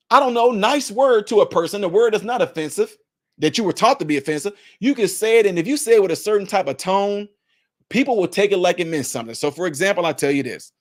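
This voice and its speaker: A man giving emphatic, preachy spoken commentary, repeating his points to hammer them home. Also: sits high. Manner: acts out what others say in put-on voices. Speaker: commentary vlogger.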